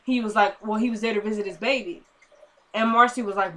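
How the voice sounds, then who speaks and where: A young woman reviewing a TV episode speaks directly to camera in a loose, chatty recap vlog, her voice bright and forward. She acts out characters' lines low and quiet, then bounces back up for her own opinions. Her intonation stays fairly even and her pace brisk, with a little hiss or hum in the background.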